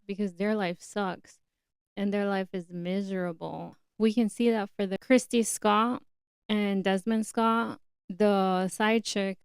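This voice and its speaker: A young woman hosts her podcast in a chatty, opinionated run of talk. Her voice is smooth and clear at a middle pitch. The recording is close and dry. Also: dry recording. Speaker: podcast host. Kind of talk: casual solo podcast talk.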